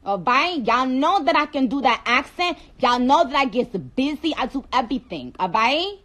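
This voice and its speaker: New woman on a phone live, sassy trash talk, bouncy high voice. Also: animated, normal speed, a bit bright. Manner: playful, sassy, trash-talking, breaks into accents. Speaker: livestream host. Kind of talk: casual livestream chat.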